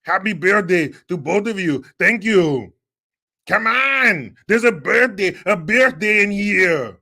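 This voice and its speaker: A man impersonating a boisterous male action star with an Austrian accent, singing slowly and loudly. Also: high voice, lively intonation, voice pushed up, exaggerated voice. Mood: hearty. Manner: slow, loud, drawn-out singing.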